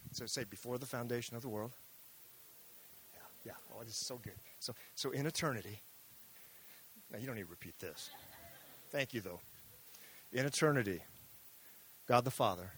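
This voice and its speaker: A middle-aged man preaching a sermon, moving between hushed, intimate lines and loud, fervent emphasis. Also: mid-range voice, husky, rough recording.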